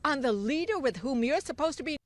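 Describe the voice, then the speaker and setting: A woman's voice: sits high, lively intonation, a little fast. A woman congresswoman giving an impassioned, indignant political speech.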